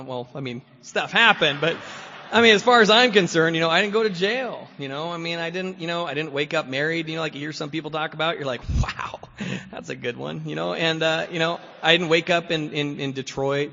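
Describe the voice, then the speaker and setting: A man's voice: on the high side, pushed and bright. A man giving a personal recovery talk as guest speaker at a meeting, rambling with constant fillers and frequent chuckles. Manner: rambling, full of "you know" fillers, chuckles often. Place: meeting hall. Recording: echoey hall, dull lo-fi sound.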